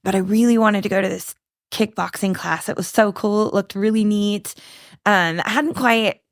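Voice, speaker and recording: A woman's voice: mid-range voice, no room sound, studio quality. A woman guest on a podcast, telling her own story in a candid, earnest way, often restarting and searching for words. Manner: earnest, halting, many restarts and fillers.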